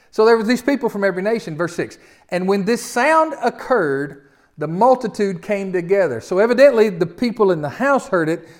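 Southern guy preaching, reads the verses slow then riffs on them, keeps asking the crowd questions. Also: high voice. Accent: Southern American. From Southern United States. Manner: folksy, asks the listeners rhetorical questions; reads scripture slowly, then talks through it. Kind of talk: sermon with Bible reading.

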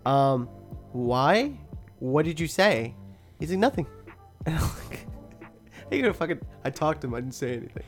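A young adult woman with an extremely low voice hosts a podcast, speaking at normal speed with frequent pauses over faint music. She tells a story casually and with animation, swearing a lot and laughing often.

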